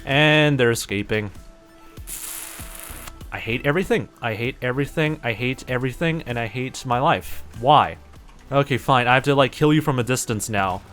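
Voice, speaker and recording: A man's voice: mid-range voice, normal speed, fairly bright tone, soft background music. A young man with a New Zealand accent and a sore throat, rambling casually with lots of fillers and mock exasperation while streaming a game. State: sore throat and stuffy nose. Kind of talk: casual live-stream chat while gaming.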